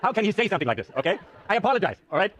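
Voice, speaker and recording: A university professor with a high voice talks rapid-fire in a lecture hall, running a live class demo as he works through the numbers. He's animated and joking, teasing his students and poking fun at himself.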